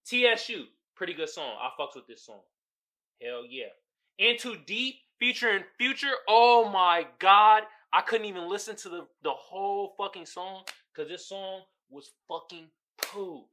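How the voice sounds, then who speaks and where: A man's voice: high-pitched, measured pace, pushed and bright. A man hosting a podcast, giving a casual, profane album review and laughing often. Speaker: podcast host.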